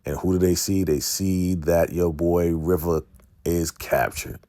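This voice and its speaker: A man giving a casual recap of a TV episode, retelling scenes in an animated way and briefly acting out characters' lines. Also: low-pitched, a little slow, no room sound, clean studio sound. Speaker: TV recap host.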